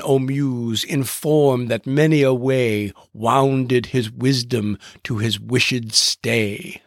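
Male podcast host, measured literary narration, slightly gravelly tone, dry studio sound. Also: medium pitch, dry recording. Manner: reflective and literary, reads verse aloud slowly.

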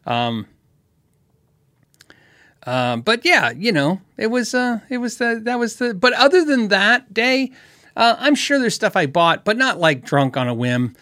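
Livestream host, man, slightly high voice, rambling and halting, dry close sound. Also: sing-song, bright, forceful tone, dry recording. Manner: rambling, halting, many restarts and fillers, laughs often. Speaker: livestream host answering chat questions. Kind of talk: casual livestream chat.

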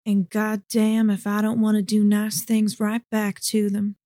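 A woman's voice: medium pitch, monotone, measured pace, no echo, studio quality, natural voice. A woman playing a sultry, coaxing seductress. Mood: seductive. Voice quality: soft and sultry, calls him honey and sugar. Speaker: voice actor. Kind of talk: audio drama acting.

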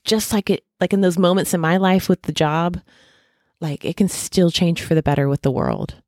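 A woman's voice: fairly low pitch, very animated, moderate pace, a little mellow, no echo, studio quality. A woman in her thirties talking casually and at length about hope and faith, rambling with many fillers and restarts. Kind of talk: casual reflective monologue.

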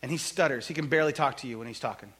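A male pastor preaching a sermon in a church, joking and conversational in an animated way. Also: medium pitch, racing, husky.

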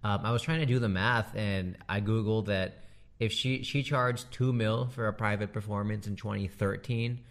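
A man doing a casual comedic monologue, animated and slangy, laughing often as he riffs. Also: fairly low pitch, normal speed, gravelly.

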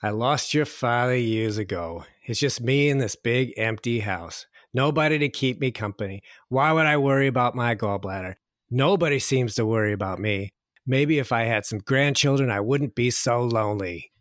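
A man's voice: medium pitch, normal speed, a bit bright, no echo, studio quality, natural voice. A man voicing a guilt-tripping older mother with a New York accent, nagging and self-pitying.

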